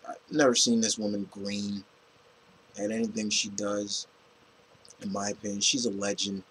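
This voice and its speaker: A man giving a casual, rambling movie review, animated and full of restarts and fillers. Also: fairly low pitch, breathy edge, low-quality recording.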